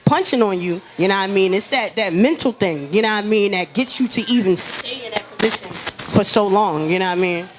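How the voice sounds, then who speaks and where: A woman's voice: mid-range voice, brisk, background noise. Chatty woman on a talk panel. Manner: chatty, keeps saying "you know what I mean". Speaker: panel guest. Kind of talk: casual talk-show discussion.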